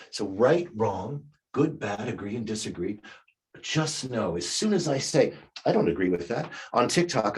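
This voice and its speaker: With a fairly low, breathy voice, a leadership coach in his fifties gives a recorded class lecture. He teaches conversationally and acts out the answers he recommends.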